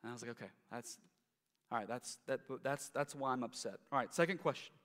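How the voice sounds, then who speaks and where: A man's voice: medium pitch, fairly quick, a bit bright, in a large hall. A man in his thirties preaching a sermon as pastor, in a conversational way that often restarts and repeats words.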